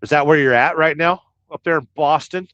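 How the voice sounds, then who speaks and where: A man's voice: fairly high pitch, a little fast, fairly bright tone, dry recording, dull audio. A man hosting a casual livestream from inside his truck, chatting and joking while reading viewer comments aloud. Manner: rambling, jokey, reads viewer comments aloud. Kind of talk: casual live-stream chat.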